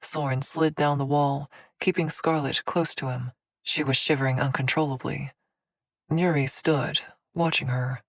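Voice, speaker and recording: A woman narrating a fantasy audiobook in a measured, dramatic storytelling manner. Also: very deep voice, steady tone, dry recording. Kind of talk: scripted narration.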